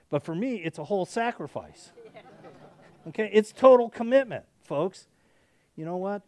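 A male pastor delivers a conversational sermon with a fairly high voice that swoops up and down. He keeps restarting his sentences and tossing in "okay?" to his listeners. The sound is close and dry. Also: darkish tone, no room sound.

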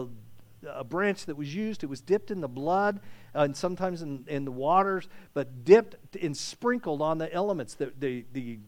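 A man's voice: a little high, a little mellow. A man preaching a sermon in an earnest way, often repeating words as he searches for them.

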